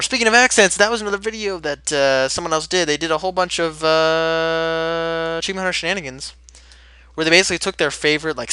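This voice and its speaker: Teen male Let's Play host, upbeat and rambling, a touch high-voiced, sharp bright tone, dry close sound. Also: smooth, no echo. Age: late teens. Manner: energetic, rambling and chatty. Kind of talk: casual gameplay commentary.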